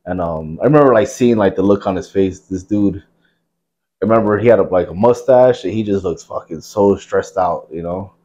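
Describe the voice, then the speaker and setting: Low-pitched and mellow, this New Jersey podcast host in his thirties talks at normal speed on a recording with the highs cut off. His casual storytelling wanders and is laced with profanity.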